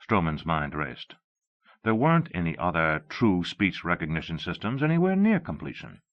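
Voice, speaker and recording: A man narrating an audiobook in a measured, expressive reading. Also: low voice. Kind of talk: scripted narration. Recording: dull lo-fi cassette audio.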